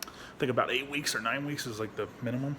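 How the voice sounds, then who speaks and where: A veteran vlogger rambles bluntly in a casual vlog at home, swearing often and restarting his sentences, and shifts into a high baby-talk voice when speaking to his dog. He talks fast with a bright, forceful tone and fairly even intonation, over slight background noise.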